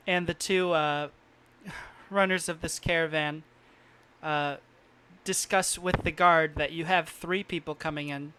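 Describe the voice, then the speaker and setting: A man narrating as game master in a tabletop game, pausing and restarting loosely. His voice is high, bright and clear.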